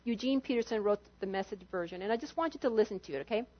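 A woman pastor preaching a sermon in an animated way, acting out quotes with sudden shifts in volume. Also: medium pitch, very fast, dull audio.

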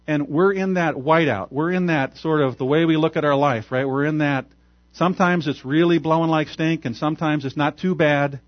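A man pastor preaching a sermon, telling a story in an animated way and chuckling often. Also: a little high, moderate pace, few pauses, no room sound, dull audio.

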